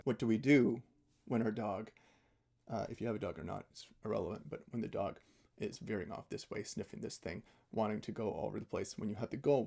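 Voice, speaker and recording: A male music teacher giving a relaxed, conversational spoken lesson, often checking in with "right?". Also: on the low side, fairly quick, creaky. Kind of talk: casual spoken lesson on mindful practice.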